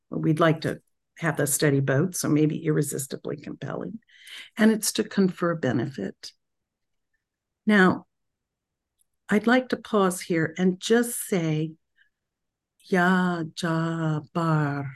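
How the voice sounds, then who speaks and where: A woman speaking at an unhurried, drawn-out pace as she guides a spiritual group. Her voice sits a little low, and she talks in a reflective, meditative way, pausing often and restarting her phrases as she goes. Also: gravelly, darkish tone. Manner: slow and meditative, with pauses and restarts.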